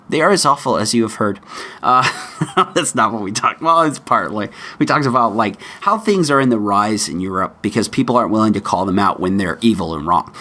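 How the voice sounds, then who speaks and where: A man's voice: mid-range voice, sharp tone. A man hosting a solo podcast in a casual, opinionated and chatty way. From United States. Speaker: podcast host.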